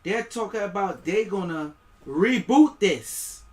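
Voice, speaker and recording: A man's voice: high-pitched, expressive, takes it slowly. A man with a West Indian accent giving rambling, preachy live-stream commentary, reading aloud and stumbling over words.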